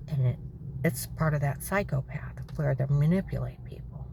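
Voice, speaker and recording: A woman vents in a rambling, indignant personal monologue. Her voice is low and gravelly, and she often sinks to a whisper. Faint background noise runs under the recording. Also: moderate pace. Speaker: vlogger.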